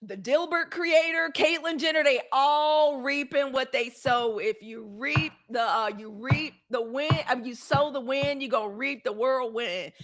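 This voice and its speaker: A high-voiced woman hosts a live-streamed news show, chatting loosely and directly with her audience, whom she calls "y'all" and "girl." Chatty and outspoken, she drifts easily into blunt, profane rants. Her pace is measured with few pauses, and her tone is slightly bright.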